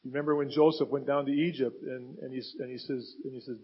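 A man's voice: medium pitch, fairly even intonation, fast talker, few pauses, husky, dull audio. A man preaching a sermon as a pastor, retelling scripture with dramatic rises and falls in emphasis.

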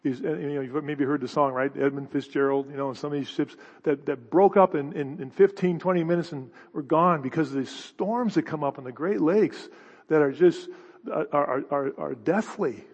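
A man's voice: fairly high pitch, moderate pace, breathy edge. A middle-aged man preaching a conversational sermon, often restarting his sentences. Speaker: pastor. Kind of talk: expository sermon. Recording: dull hall reverb.

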